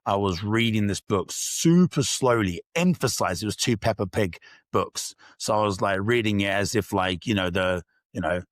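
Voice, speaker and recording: Low-voiced male guest, candid and reflective, dry recording. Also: moderate pace, no echo. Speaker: podcast guest. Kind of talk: casual interview storytelling.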